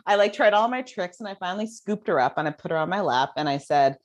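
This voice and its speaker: A woman guest author telling stories about parenting in an animated, casual way. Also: on the low side, fast. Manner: animated, lots of fillers. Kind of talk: casual storytelling chat.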